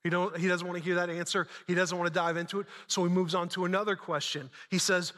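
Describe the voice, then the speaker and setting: A man's voice: sits high, steady tone, fast, bright, forceful tone, in a large hall. A man preaching a sermon, retelling a story dramatically with casual asides. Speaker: pastor.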